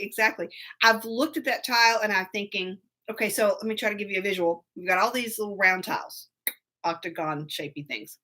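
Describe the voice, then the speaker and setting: A woman's voice: mid-range voice, sharp tone. A woman hosting a live show, chatting casually and rambling, laughing often and greeting viewers by name. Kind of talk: casual live-stream chat.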